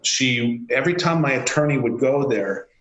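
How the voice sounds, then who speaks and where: Man telling a lively anecdote. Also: mid-range voice, normal speed, roomy sound, low-quality recording. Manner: animated, acts out quoted dialogue. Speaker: CEO guest. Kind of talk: anecdotal storytelling.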